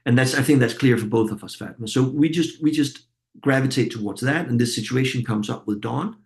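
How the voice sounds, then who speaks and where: A man's voice: medium pitch, fairly quick. A man leading a facilitator training session, thinking aloud and often repeating words as he walks the group through a session.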